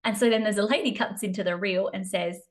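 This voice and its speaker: A woman's voice: mid-range voice, fast talker. Chatty Australian woman podcaster. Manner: chatty and self-deprecating, with playful asides. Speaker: podcast host, business coach. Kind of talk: casual solo podcast talk.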